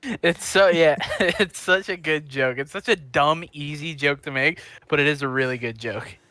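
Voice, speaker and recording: Guy co-hosting a chat show, bright sharp voice, rambles with lots of ums, dry mic. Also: a little high, moderate pace, no room sound. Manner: loose, rambling, many fillers. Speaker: podcast co-host. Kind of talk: casual show discussion.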